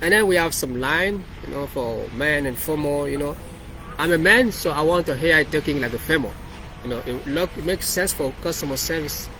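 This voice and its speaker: A man's voice: on the high side, brisk, sharp tone, a little hiss or hum, poor audio. Rambling man walking through his code. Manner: rambling, repeats and restarts phrases. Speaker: developer presenting his project. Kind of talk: casual walkthrough of code.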